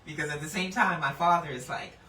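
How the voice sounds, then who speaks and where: A woman hosting a casual Bible lesson, laughing often and slowing down to read scripture with emphasis. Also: deep voice, sharp tone. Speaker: Bible teacher and host. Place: indoor room. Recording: echoey room, mic at a distance, faint background noise.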